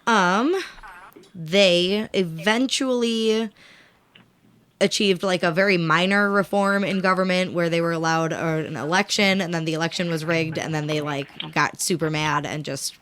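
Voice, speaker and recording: Easygoing woman co-host, slightly low voice. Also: steady tone, unhurried, fairly bright tone. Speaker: co-host presenting research. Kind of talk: casual talk show discussion.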